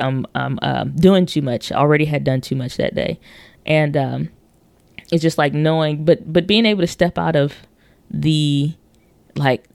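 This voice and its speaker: A woman's voice: low-pitched, vocal fry, darkish tone, no room sound. A woman hosting a podcast, talking casually and rambling with many fillers and restarts, acting out quoted voices as she tells stories. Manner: acts out quoted voices in storytelling. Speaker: podcast host. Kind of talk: casual monologue on marketing.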